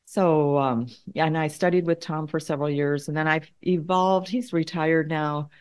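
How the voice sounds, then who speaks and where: A woman's voice: low-pitched, a little mellow. A middle-aged woman, a conflict consultant, telling a story in an interview; thoughtful, often repeating words as she works out her point.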